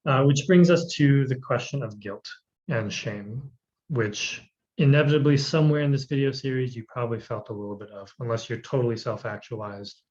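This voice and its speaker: A man's voice: medium pitch, moderate pace, a little mellow. Male instructor, chatty recorded lecture, plenty of ums, slightly lo-fi sound. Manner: conversational, many "um"s, asks questions.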